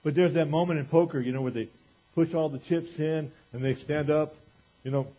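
A man preaching a sermon in an animated, conversational way, acting out quotes as he goes. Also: fairly high pitch, a little fast. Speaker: pastor. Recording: dull lo-fi recording.

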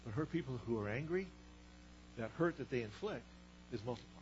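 A man's voice: medium pitch, lively intonation, brisk, a little mellow, highs cut off, a little hiss or hum. A man preaching a sermon as pastor, conversational, asking the congregation rhetorical questions.

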